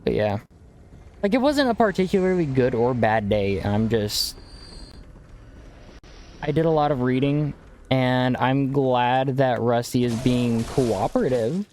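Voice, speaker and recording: Chill young guy on a gaming stream, rambly and sweary, middle-pitched voice. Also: lively intonation, measured pace, long pauses, a little mellow, slight background noise. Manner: rambling, laid-back, swears casually, says bro often. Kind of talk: casual live-stream chat while gaming.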